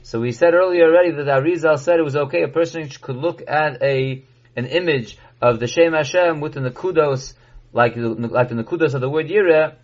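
A man with a somewhat high voice teaches a Torah class. He reads lines of Hebrew text and explains each one in English. The recording sounds dull and lo-fi. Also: brisk. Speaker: rabbi teaching halacha.

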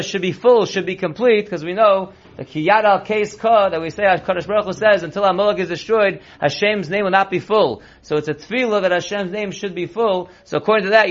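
A rabbi teaching a text-based Torah class, reading Hebrew and Aramaic slowly, then explaining it quickly in English. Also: male voice, high-pitched, fairly bright tone. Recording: dull lo-fi recording.

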